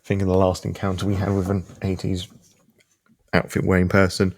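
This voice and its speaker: Man player, very low voice, calmly narrates what his character does. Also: fairly quick. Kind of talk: tabletop game play, describing his character.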